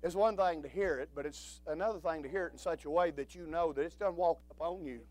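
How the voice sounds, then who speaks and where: A man preaching a sermon, swinging from quiet low talk to shouted, drawn-out preaching.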